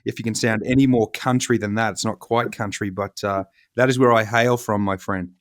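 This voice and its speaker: A man's voice: lowish voice, fairly even intonation, brisk, dry recording, studio quality. A man in his thirties with an Australian accent from Victoria, a guest chatting in a laid-back, jokey way. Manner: jokey, laid-back, says mate often. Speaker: guest, vertical farming founder. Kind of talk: casual interview chat.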